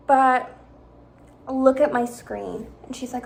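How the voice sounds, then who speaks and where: High-pitched young woman telling a dramatic story. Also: slow, vocal fry, a little hiss or hum. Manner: dramatic, animated retelling with acted-out quotes. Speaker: vlogger. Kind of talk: casual story time.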